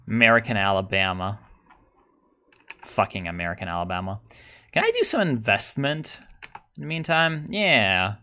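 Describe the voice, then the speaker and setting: A young man giving casual, profane commentary while playing a strategy game, excitable and musing aloud with fillers and laughs. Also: lowish voice, moderate pace, pauses often. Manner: swears a lot, excitable, jokey.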